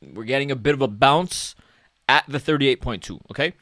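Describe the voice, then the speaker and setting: A man's voice: mid-range voice, moderate pace, a bit bright, no room sound, studio quality. A man talking casually through market charts as a stock analyst, chatty and self-mocking, often tagging "okay?" and "right?".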